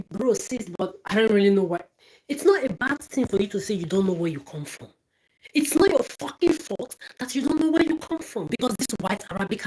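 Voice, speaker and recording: A woman's voice: medium pitch, darkish tone, poor audio. A woman from Nigeria, delivering an angry, profane, repetitive monologue to camera. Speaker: social media ranter.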